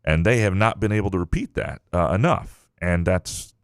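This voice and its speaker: A man's voice: deep voice, normal speed, clean tone, dry recording, clean studio sound. A man co-hosting a sports podcast in casual chat, rambling and often restarting his thoughts. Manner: rambling, self-correcting. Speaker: podcast co-host.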